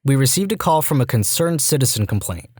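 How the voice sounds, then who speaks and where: A man's voice: mid-range voice, big pitch swings, fairly quick, darkish tone, slightly rough, no room sound. Man reading reddit stories, dry close mic. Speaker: reddit story narrator. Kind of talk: reading reddit posts aloud.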